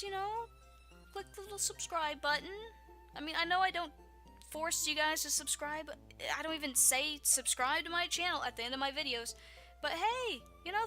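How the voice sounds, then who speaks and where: A woman's voice: high voice, pushed and bright. A woman in her twenties from Texas with a Southern accent, chatting casually to her viewers, rambling and laughing often. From Texas, USA. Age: 20s. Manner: giggly, rambling, self-deprecating. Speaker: YouTuber. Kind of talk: casual vlog talk.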